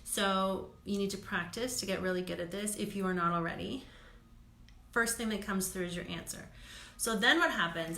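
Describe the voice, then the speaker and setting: A woman's voice: mid-range voice, a bit bright, echoey room. A woman doing live card readings for viewers, chatty and laughing often, checking in with "okay?". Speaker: intuitive card reader.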